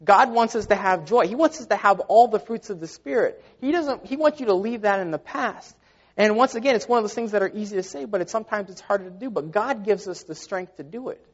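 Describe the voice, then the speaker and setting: Casual, earnest male preacher, fairly high voice, dull muffled recording. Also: animated, fairly quick. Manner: earnest, conversational with repeated fillers. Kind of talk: sermon. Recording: dull lo-fi sound.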